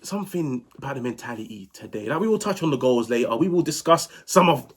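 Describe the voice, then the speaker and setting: A man hosting a football match reaction video, telling it in a dramatic, animated way while he is sick. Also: a little high, quick pace, slightly rough. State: sick, unwell. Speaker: football channel host.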